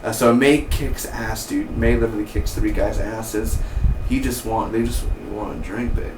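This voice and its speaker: Excitable male TV reviewer, slangy and loose, mid-pitched voice, roomy distant sound. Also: normal speed, background noise. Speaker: TV show reviewer. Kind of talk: casual episode review. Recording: roomy, distant mic, faint ambience.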